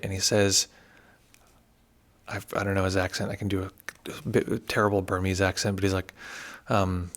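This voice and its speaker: Male meditation teacher, low gravelly voice, relaxed and digressive livestream delivery.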